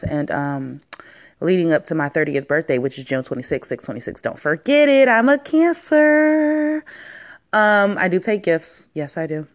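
Playful, profane young woman podcasting. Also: fairly low pitch. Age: 20s. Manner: candid, profane, playful, swings between loud and hushed asides. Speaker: podcast host. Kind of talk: casual solo podcast chat. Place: home basement.

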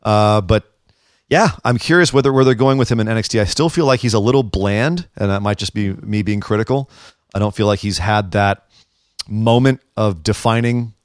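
Excitable man recapping wrestling. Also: lowish voice, moderate pace, dry recording, studio quality. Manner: excitable, recaps with bursts of enthusiasm. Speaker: podcast co-host. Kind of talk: casual wrestling chat. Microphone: headphones and studio mic.

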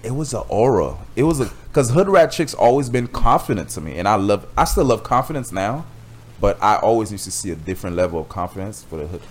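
A man's voice: fairly low pitch, sing-song, fast talker. A young man from Miami chatting casually, laid-back, using street slang and swearing freely. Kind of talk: casual chat.

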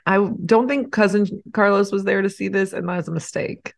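A woman co-hosting a casual podcast chat at home, gushing and animated, swearing freely and jumping into squeaky indignation. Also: fairly quick, creaky. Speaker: podcast co-host. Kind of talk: casual chat about motor racing. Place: home, with a snoring dog nearby.

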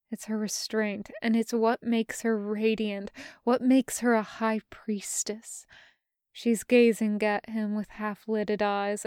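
A woman narrating fan fiction in a soft, intimate reading style. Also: mid-range voice, clear, resonant tone, dry recording, studio quality.

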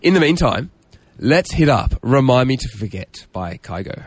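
A man's voice: medium pitch, big pitch swings, a little slow, no room sound. A male radio host in easy, chatty form, his voice rising and falling a great deal. He tells stories and laughs along with his guests, keeping the talk casual. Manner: chatty, storytelling, laughs often.

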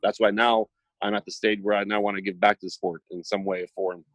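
Low-voiced man telling lively stories. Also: fast talker, dry recording. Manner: animated storyteller, acts out dialogue. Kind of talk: casual chat.

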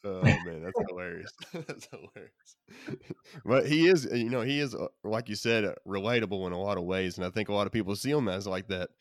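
A man's voice: on the low side, fairly quick, dry recording. A man hosting an interview, asking easygoing questions full of fillers. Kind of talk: casual interview chat.

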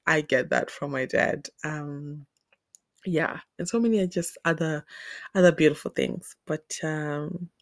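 A woman in her thirties from Zimbabwe, hosting a podcast and telling personal stories in a casual, animated way, laughing often. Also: gravelly, dry recording, clean studio sound. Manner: animated, laughs often, acts out scenes with pitch jumps. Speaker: podcast host. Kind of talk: casual storytelling monologue.

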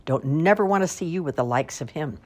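A boastful elderly great-aunt , as a woman reads her, crows through her storybook tale in a folksy way. Her voice is deep and a little husky. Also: brisk. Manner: boastful, folksy, building excitement.

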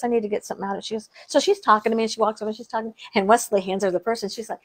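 A woman's voice: mid-range voice, steady tone, very fast, few pauses. A middle-aged woman co-hosting a casual chat, telling family stories with frequent laughter and restarted sentences. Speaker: podcast co-host.

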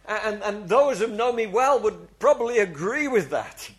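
A man's voice: high voice, animated, normal speed, few pauses. A man preaching a sermon to a congregation, earnest and confessional, often restarting his words and leading the people in saying things together. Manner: leads the congregation in call-and-response. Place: church before a congregation.

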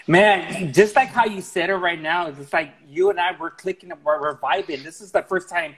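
A man speaking as a podcast guest in a casual talk, earnest and frank, with a slightly husky voice. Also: high-pitched, normal speed, a bit bright, low-quality recording. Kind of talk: casual conversation.

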